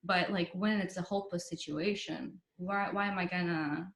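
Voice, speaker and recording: A young woman with a lowish voice tells her story as a podcast guest. Her talk is casual and chatty, full of fillers, and she acts out what others said. The recording has a roomy echo. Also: steady tone, moderate pace, a bit bright. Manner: chatty, many fillers like "like" and "you know", quotes others in dialogue.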